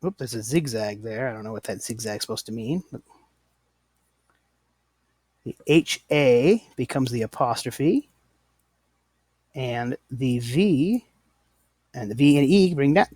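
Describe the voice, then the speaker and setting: A man's voice: fairly high pitch, no room sound. A man teaching a lesson, explaining patiently and correcting himself often. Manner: patient, self-correcting, apologetic. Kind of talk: slow, deliberate classroom explanation.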